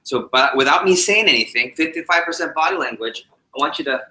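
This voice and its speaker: A man training a live audience in public speaking, animated and shifting his speed and pitch to demonstrate his points. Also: a little fast. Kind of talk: energetic presentation to a live group. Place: meeting room with a live audience. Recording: roomy echoey hall.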